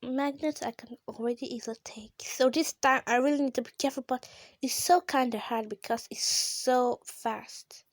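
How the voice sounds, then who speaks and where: A woman with giving casual, excitable commentary while playing a mobile game, gasping and shrieking at close calls. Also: high-pitched, normal speed, no room sound. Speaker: gamer.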